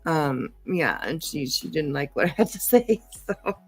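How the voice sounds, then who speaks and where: A woman's voice: low-pitched, sing-song, measured pace, slightly rough, dry recording, soft background music. A woman giving casual live commentary, swearing freely, mocking, and often laughing. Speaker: commentary streamer.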